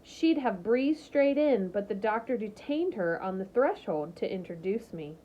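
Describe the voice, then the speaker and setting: A woman's voice: mid-range voice, expressive, a little slow, dark tone. A woman reading a novel aloud, narrating steadily and expressively. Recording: slightly muffled lo-fi recording.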